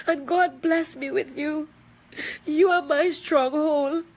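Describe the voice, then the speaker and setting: A woman's voice: sits high, fairly even intonation, slow pace. A middle-aged woman with a Trinidadian accent making an emotional personal video statement, tearful and emphatic, repeating herself for weight. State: crying at times.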